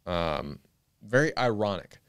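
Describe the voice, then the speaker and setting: A man's voice: on the low side, lively intonation, unhurried, clear, resonant tone, dry recording, studio quality. Wry man co-hosting a commentary show. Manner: sarcastic, wry remarks. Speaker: co-host of a live news commentary show. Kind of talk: casual commentary chat.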